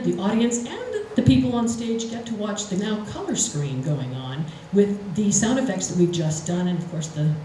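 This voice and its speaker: Woman storyteller at a live event: lively up-and-down delivery, big echoey room. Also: medium pitch, slight background noise. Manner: animated, laughing while telling.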